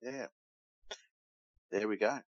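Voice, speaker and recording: An Australian man with a fairly low, slow voice co-hosts a casual podcast, reading strange news stories aloud and teasing his brother. The recording is dull, lo-fi, and dry with no room sound.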